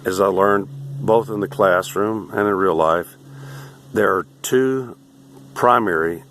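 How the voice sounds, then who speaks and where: A man in his sixties with a Central Texas accent, tired and hoarse, ranting to camera in a crude, boastful, abrasive way. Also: fairly low pitch, slow, a bit bright, a little hiss or hum. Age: 60s. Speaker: vlogger.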